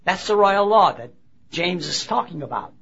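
A man preaching a sermon at a religious convention, speaking haltingly with restarts and emphatic rises. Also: sits high, sing-song, fairly bright tone, husky. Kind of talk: sermon with Bible reading. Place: convention gathering. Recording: dull lo-fi recording.

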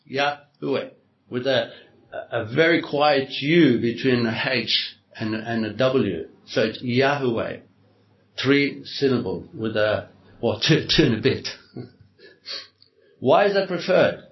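A man preaching a sermon to a congregation, explaining slowly and deliberately and repeating words as he goes. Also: mid-range voice, lively intonation. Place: hall with a congregation. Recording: echoey hall, dull lo-fi sound.

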